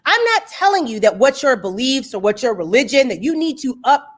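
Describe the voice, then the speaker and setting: A woman's voice: high-pitched, sing-song, brisk. A woman hosting an online discussion over a video call, speaking emphatically in a preacherly way and repeating points for stress. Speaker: host. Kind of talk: impassioned discussion.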